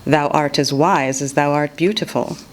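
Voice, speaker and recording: A woman's voice: low-pitched, normal speed, close to an everyday voice. A woman voicing a charming young Englishman who teases playfully, reading a novel excerpt aloud. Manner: teasing, theatrical banter.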